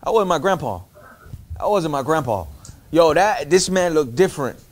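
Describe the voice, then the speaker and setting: High-voiced man telling a street story. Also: moderate pace. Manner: animated, acts out voices of relatives; streetwise slang, loose rambling. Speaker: storyteller in a clip being reacted to. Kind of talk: casual storytelling.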